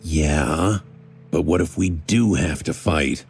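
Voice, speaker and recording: A wary, tense young man, as a male narrator voices him close to his own deep, husky voice. The tone is dark and low. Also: slow pace, soft background music, heavily acted.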